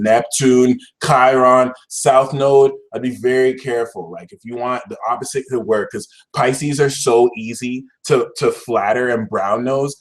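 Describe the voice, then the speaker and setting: A man giving a casual tarot reading, talking in a slangy, exasperated, theatrical way. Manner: dramatic, exasperated, swings to shouting and high-pitched outbursts; slang-heavy, fillers like "like", "y'all". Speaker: tarot reader.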